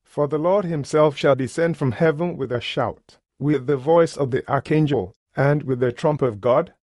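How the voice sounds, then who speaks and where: A man's voice: a little high, moderate pace, a little mellow, dry recording, clean studio sound. A man preaching a sermon, reading scripture aloud and expounding it in an emphatic, declamatory way.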